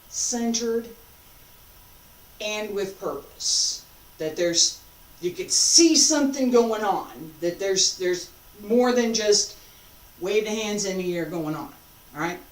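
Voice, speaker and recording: A woman instructor leading a martial arts practice, giving calm, repeated cues and asking questions as she demonstrates. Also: mid-range voice. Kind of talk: teaching while demonstrating. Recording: echoey room, voice from a distance.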